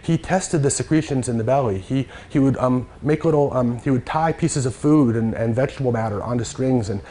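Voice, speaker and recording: Man, lecturer, halting delivery, frequent fillers, faint background noise. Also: medium pitch, warm tone. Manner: halting, many fillers and restarts. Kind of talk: lecture with slides.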